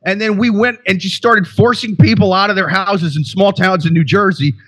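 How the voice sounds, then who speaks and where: Podcast co-host, male, from Iowa, slightly higher voice, rambling and profane with constant restarts. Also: steady tone, normal speed, fairly bright tone, slightly rough. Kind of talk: casual podcast banter.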